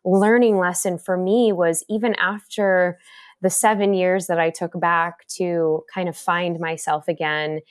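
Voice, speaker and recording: A middle-aged woman speaking as a podcast guest, talking in an animated way about her own experience. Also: unhurried, clean tone. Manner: animated, acts out inner voices in a higher pitch. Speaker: podcast guest, resilience author. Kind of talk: conversational interview.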